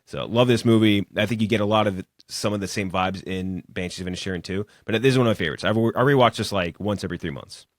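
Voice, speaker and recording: Man, co-host, low voice, dry close sound, enthusiastic, swears a lot. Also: fast talker, hardly any pauses, no echo. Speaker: podcast co-host. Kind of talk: casual movie chat.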